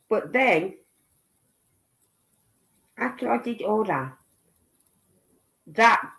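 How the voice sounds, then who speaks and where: A woman from England with a Birmingham accent, chatting casually on a livestream and thinking aloud as she goes. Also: fairly low pitch. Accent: Brummie (Birmingham). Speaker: livestream commentator.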